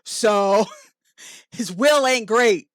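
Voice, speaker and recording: A woman talking casually as a player in a tabletop game, slow and chatty and laughing often. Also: a little high, no echo, clean studio sound. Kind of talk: casual chat.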